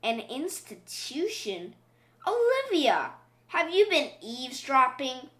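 A woman's voice: sits high, big pitch swings, takes it slowly, a bit bright, full character voice. A woman doing a fond, weary storybook mother. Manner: fond but exasperated. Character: exasperated, loving mother pig. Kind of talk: storybook reading. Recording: roomy echo.

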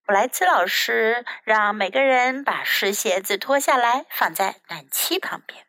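Slow, bright-voiced woman reading a story. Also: fairly high pitch, no echo, poor audio. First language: Chinese. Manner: slow, warm storybook reading, switching between English and Chinese lines. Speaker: children's English radio host. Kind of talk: bilingual children's story reading.

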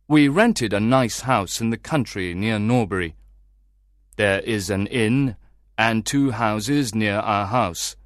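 A worried middle-aged merchant in a storybook audio drama, earnest as he asks for help. He speaks at a middle pitch and lays out his account in steady, measured sentences. The recording is close and dry. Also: no room sound.

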